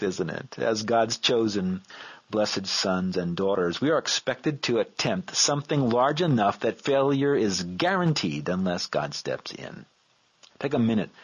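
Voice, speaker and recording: A man's voice: medium pitch, slightly rough. A man reading his own devotional book aloud in an earnest, reflective way. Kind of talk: scripted devotional narration. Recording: dull lo-fi recording.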